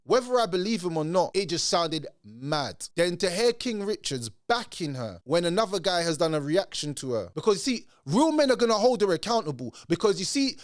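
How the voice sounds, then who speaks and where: A man ranting in reaction commentary, animated and mocking. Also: high-pitched, no echo, clean studio sound. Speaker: commentary channel host.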